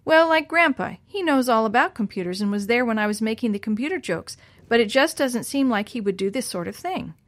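A woman's voice: fairly high pitch, lively intonation, fairly quick, few pauses, no echo, close to an everyday voice. Storybook boy, eager and earnest, read by a woman; dry, close sound. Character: eager boy who uses a wheelchair.

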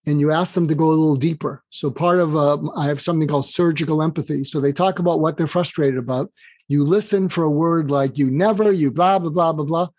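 Man, older, guest author, animated, acts out dialogue, slightly high voice, dry recording. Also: quick pace, no echo. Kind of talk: podcast interview, explaining advice.

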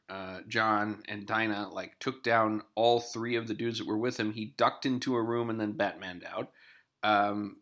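A man's voice: on the low side, pushed and bright. A man casually recapping a TV episode, chatty and digressive, with wry asides.

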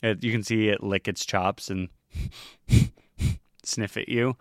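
A man's voice: fairly low pitch, steady tone, slow pace, no room sound, clean studio sound. A man narrating as the game master of a tabletop game in a loose, chatty way with many fillers.

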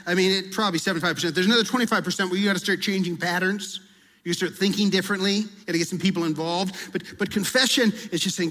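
A man's voice: sits high, fast, sharp tone, in a large hall. A male pastor preaching in a conversational way, acting out prayers and confessions as he talks. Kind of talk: sermon.

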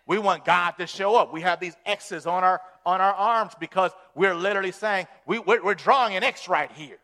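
A man preaching a sermon as pastor, animated and folksy, repeating words as he builds. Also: high-pitched, moderate pace.

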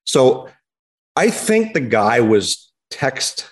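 A man's voice: mid-range voice, sing-song, extremely slow, slightly rough. A man, co-hosting a car podcast in a playful, teasing, mock-stern way. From Canada. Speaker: podcast co-host. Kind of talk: casual chat. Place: podcast studio.

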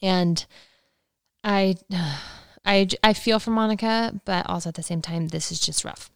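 Chatty gossiping woman, gravelly edge. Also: medium pitch, unhurried, dry recording. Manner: chatty, gossipy, acts out quotes with laughs. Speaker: podcast host recapping a reality show. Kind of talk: casual solo recap chat.

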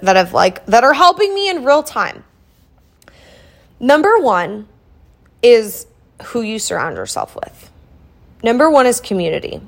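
A young woman from Iowa hosting a solo podcast, talking in a casual, earnest, motivational way with lots of "like" fillers. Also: on the high side. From Iowa, US Midwest. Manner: earnest and chatty, with many "like" fillers. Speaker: podcast host.

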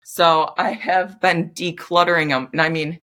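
A woman's voice: on the low side, fairly even intonation, a little slow, a bit bright. A young woman talking candidly to camera in a casual self-help monologue, chatty, full of "like" and swearing freely. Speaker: vlogger.

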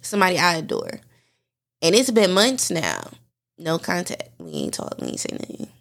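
Speaking straight to her audience, this podcast host, an adult mother, shares a candid and heartfelt monologue. Her pitch is fairly low yet swoops wildly, with a moderate pace, vocal fry, and a slightly bright tone.

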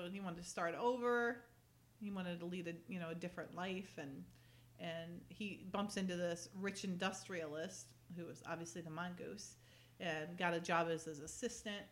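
A woman co-hosting a casual recap chat, telling the story in an animated, giggly way. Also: on the low side, moderate pace.

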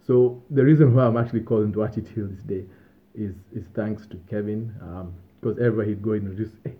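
A young man with a fairly low voice rambles easily through his stories as a podcast host, pausing on fillers and small laughs. The sound is thin and tinny, like a phone line. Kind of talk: casual storytelling monologue. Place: Australia.

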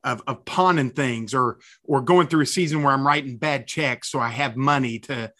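A man's voice: medium pitch, moderate pace, sharp tone. A man hosting a faith podcast, interjecting with enthusiasm and often repeating words as he talks. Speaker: podcast host.

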